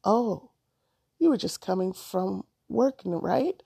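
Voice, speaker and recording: A woman voicing an eager, outspoken young schoolgirl in a storybook reading, firing off quick questions. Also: mid-range voice, lively intonation, creaky, dark tone, husky, dry recording, clean studio sound, full character voice. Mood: excited.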